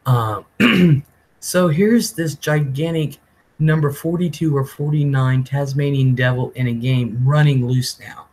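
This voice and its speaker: A man's voice: medium pitch, unhurried, darkish tone, low-quality recording. A man hosting a live stream, telling a rambling story casually, often laughing and swearing. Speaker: livestream host.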